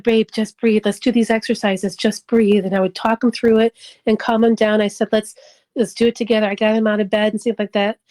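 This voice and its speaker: A woman's voice: on the high side, a little mellow, low-quality recording. A middle-aged woman giving an emotional personal testimony in an interview. She acts out the dialogue as she tells it. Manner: emotional storytelling, acting out dialogue.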